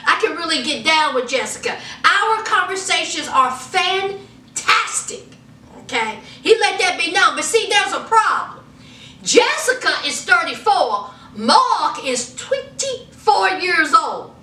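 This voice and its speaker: A woman's voice: very high voice, unhurried, far from the mic. A woman with recapping a reality show in a casual, gossipy way, dramatically acting out what people said. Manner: animated, dramatic, acts out quotes with laughter. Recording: echoey room, somewhat off mic.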